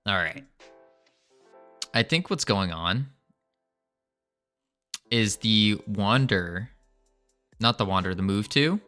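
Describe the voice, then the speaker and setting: A man's voice: on the low side, sharp tone. A man on a casual livestream, rambling and thinking aloud with small restarts while he works on code. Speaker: game developer streaming.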